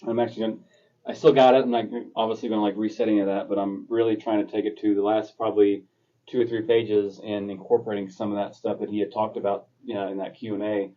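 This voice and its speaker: A man's voice: fairly low pitch, flat delivery, fast talker, mellow, distant mic, dull audio. A man and podcast co-host, talking earnestly and reflectively in long run-on thoughts. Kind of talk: casual chat.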